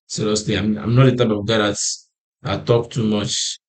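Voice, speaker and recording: A man's voice: fairly low pitch, level tone, moderate pace. A man explaining trading charts in a lesson, tired and yawning, who repeats and restarts his phrases and asks himself "what?" before answering. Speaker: forex trading analyst. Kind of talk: screen-share chart walkthrough.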